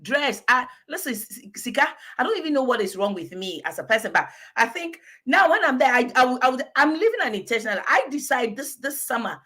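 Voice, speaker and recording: A woman from Africa, a guest giving animated, emphatic advice in a preachy, exhortative manner. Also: high-pitched, brisk, hardly any pauses, breathy edge.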